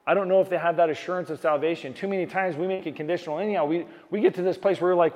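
A man's voice: high-pitched, rapid-fire, few pauses, muffled recording. A man preaching a sermon as pastor, earnest, restarting and repeating key phrases for emphasis. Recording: long hall reverb.

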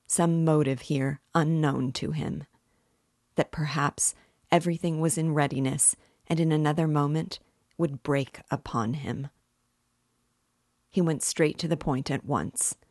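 A woman reading a classic novel aloud in a measured audiobook narration. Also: low voice, steady tone, darkish tone, dry recording, studio quality. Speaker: audiobook reader and literature guide.

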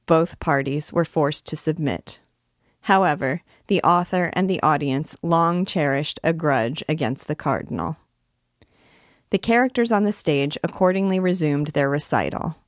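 Woman reading a classic novel aloud, low voice, measured, dry close sound. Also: no room sound. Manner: measured, expressive. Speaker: reader and teacher.

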